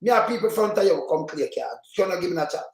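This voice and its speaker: A man with a Jamaican accent chiming into a casual talk, animated and speaking Patois. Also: high-pitched, quick pace, creaky, echoey room, low-quality recording. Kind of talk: casual chat.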